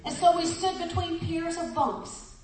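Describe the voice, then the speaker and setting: A woman's voice: extremely high pitch, a little slow, darkish tone. A woman preaching a sermon, exuberant and laughing, reading a story aloud and talking straight to her listeners. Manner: exuberant, laughing, speaks to the congregation directly. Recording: echoey room from far off.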